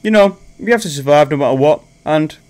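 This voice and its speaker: A man reading game dialogue aloud as a calm, menacing male cannibal survivor, in a low and measured delivery. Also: lightly acted. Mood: cool menace.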